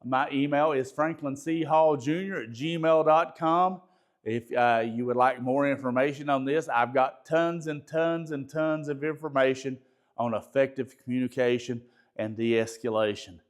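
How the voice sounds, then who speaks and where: A pastor giving a conversational training talk, folksy, repeating words and asking the audience questions. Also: male voice, medium pitch, steady tone, a little slow.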